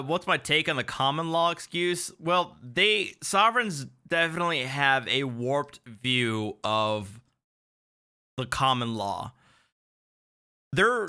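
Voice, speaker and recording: A man's voice: medium pitch, sharp tone, clean tone. A man, an attorney, giving sardonic, incredulous livestream commentary on clips he plays.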